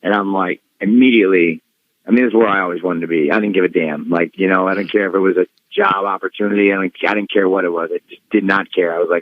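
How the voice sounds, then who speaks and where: A man being interviewed as a guest, telling a story in a lively, casual way and slipping into others' voices. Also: low voice, fast talker, no room sound. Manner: animated storyteller who acts out voices. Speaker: guest wrestler. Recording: dull dry studio sound.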